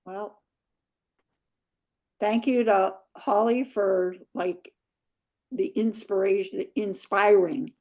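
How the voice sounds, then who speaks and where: A woman's voice: mid-range voice, steady tone, slow, long pauses, darkish tone. A woman organizer chatting casually while wrapping up an online event on a video call.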